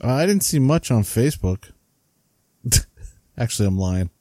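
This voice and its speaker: A man's voice: mid-range voice, lively intonation, moderate pace, a little mellow, no room sound. A man with a New Jersey accent co-hosting a casual podcast, chatting and reading listener comments aloud with frequent laughs. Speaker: podcast co-host.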